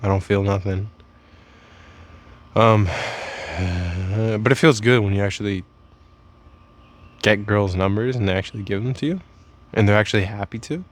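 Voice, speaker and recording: A man's voice: fairly low pitch, normal speed, pauses often. A young man rambling in a crude, joking way while vlogging, with lots of fillers. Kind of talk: casual comedic vlog.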